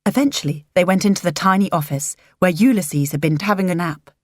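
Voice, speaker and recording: A woman narrating a story in a gentle, measured way, recorded close to the mic. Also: on the low side, no echo. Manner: gentle, measured, does character voices. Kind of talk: audiobook narration.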